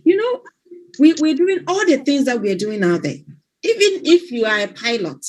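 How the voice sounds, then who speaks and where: A woman hosting a casual motivational live stream, telling stories excitedly and laughing readily. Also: high voice, moderate pace.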